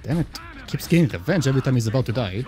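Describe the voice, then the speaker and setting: A man's voice: mid-range voice, animated, racing, dark tone. Casual young man streaming a game. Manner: casual, swearing, reacting to play. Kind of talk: gameplay commentary.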